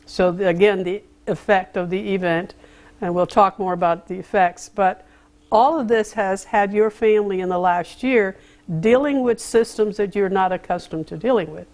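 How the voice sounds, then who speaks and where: A woman with a medium-pitched voice hosts a formal television interview. She speaks deliberately and guides her guest gently through hard questions. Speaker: interview host, community affairs director.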